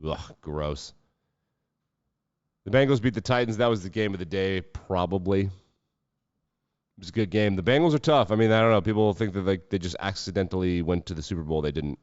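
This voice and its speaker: Deep-voiced male podcast host, sarcastic and profane, dry dull mic. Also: a little mellow, no room sound. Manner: sarcastic, profane, quick asides. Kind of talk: casual sports commentary.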